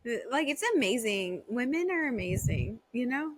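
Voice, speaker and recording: A woman's voice: a little high, animated, normal speed. A woman co-hosting a podcast, chatting casually and reacting with short exclamations. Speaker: podcast co-host.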